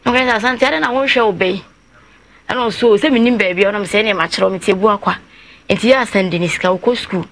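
A woman, a guest on a talk show, tells a long family story, her voice set at a middling pitch. She winds through the events, now and then slipping into the voices of the people she quotes. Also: fast talker, a bit bright. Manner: long, winding telling that acts out others' words in quotes. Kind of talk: personal account on a talk show.

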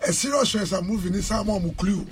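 A man's voice: high voice, fast, faint music behind. A man speaking on a radio panel, talking over the others about films. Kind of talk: radio discussion.

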